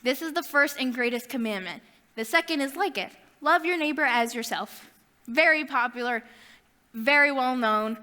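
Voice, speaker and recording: Bright young woman giving a youth talk. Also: high voice, normal speed, long reverb tail. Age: young adult. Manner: chatty, self-deprecating asides. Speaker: youth ministry speaker.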